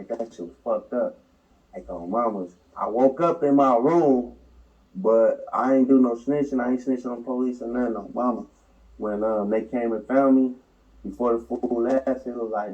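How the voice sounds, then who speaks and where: A man's voice: medium pitch, distant mic, lo-fi sound. A man telling a prison story in an interview, in heavy slang, acting out the quotes. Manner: slangy, animated retelling with acted quotes. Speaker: interview subject.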